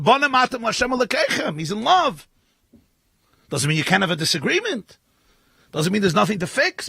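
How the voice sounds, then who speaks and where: A man, a rabbi, giving a lively sermon at a live gathering, telling stories and acting out the voices in them. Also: high-pitched, creaky, slightly rough, no room sound. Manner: animated storytelling, acting out voices, rising to shouts. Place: live event with an audience.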